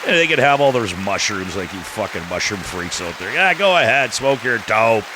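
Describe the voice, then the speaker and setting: A Canadian man co-hosting a podcast, rambling and blunt, cursing freely and swinging between loud bursts and muttered asides. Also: fairly low pitch, big pitch swings, normal speed, crowd noise, noisy background. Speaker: podcast co-host. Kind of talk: casual ranting chat.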